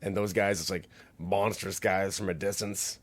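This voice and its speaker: A man's voice: low-pitched, steady tone, normal speed. A man co-hosting a casual podcast chat, rambling and laughing as he retells movie scenes. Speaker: podcast co-host. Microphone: podcast mic.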